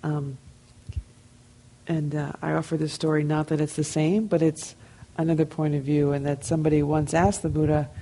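A woman with a New Jersey accent, a meditation teacher telling stories and answering questions in a relaxed, conversational way. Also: low-pitched, normal speed, a little hiss or hum, poor audio. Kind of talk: dharma talk question and answer.

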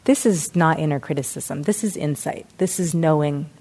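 A middle-aged woman teaching mindfulness, explaining in a reflective, gentle way and telling a parable. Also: low voice, moderate pace, breathy edge.

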